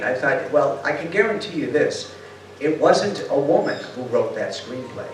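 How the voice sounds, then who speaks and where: A man's voice: mid-range voice, normal speed. Older man telling stories in an echoing hall. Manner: lively storyteller who acts out quotes and asks the audience questions. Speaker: speaker giving a talk. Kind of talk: storytelling lecture. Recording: roomy hall sound from far off.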